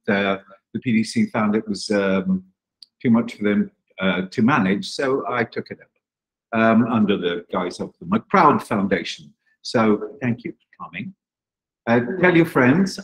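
A man's voice: on the low side, low-quality recording. Man, host of a reading, wry and joking, live room crowd. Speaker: organizer hosting a play reading. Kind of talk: casual live introduction. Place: room with a small live audience.

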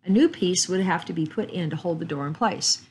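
A woman storyteller reading a chapter book and a Bible story aloud in a calm, measured way. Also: on the low side, slight background noise, poor audio.

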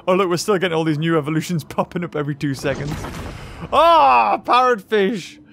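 A young man excitedly commentating his gameplay, often exclaiming and laughing. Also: fairly high pitch, quick pace, a little hiss or hum. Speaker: gaming YouTuber. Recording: game music behind voice.

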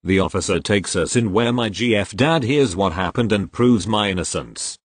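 A man's voice: lowish voice, normal speed, slightly rough, dry recording. A man reading online forum posts aloud, spelling out abbreviations letter by letter as he goes.

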